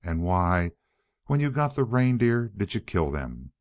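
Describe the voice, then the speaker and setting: Storybook hunter, hasty and accusing, a man doing it, deep and lively. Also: measured pace. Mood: angry.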